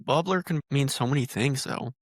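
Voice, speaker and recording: A man's voice: medium pitch, moderate pace, no room sound, clean studio sound. A man from northern Iowa hosting a podcast, teasing his guest in a joking, casual chat. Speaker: podcast host.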